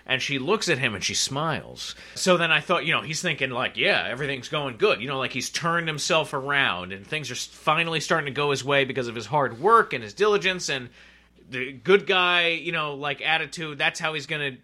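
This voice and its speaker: A man co-hosting a casual podcast chat, recapping a TV episode in a rambling, animated way full of fillers and restarts. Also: a little high, fairly quick. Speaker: podcast co-host.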